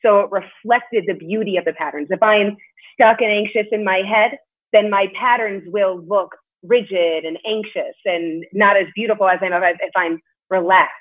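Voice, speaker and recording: Over a tinny line that sounds like a phone, a woman martial arts competitor talks as a podcast guest. She's candid and chatty in this casual interview, cursing occasionally, with a mid-range voice at a moderate pace.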